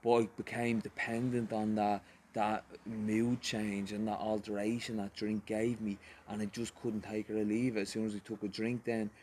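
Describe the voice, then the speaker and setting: Male podcast host, lowish pitch, encouraging and conversational, faint background noise. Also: level tone, normal speed, hardly any pauses, darkish tone. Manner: encouraging, conversational, gives everyday examples. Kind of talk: casual chat.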